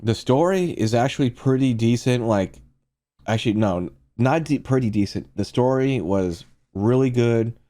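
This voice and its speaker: A man's voice: mid-range voice, lively intonation, normal speed, mellow. A man streaming casual movie reviews, rambling and profane as he talks to his chat.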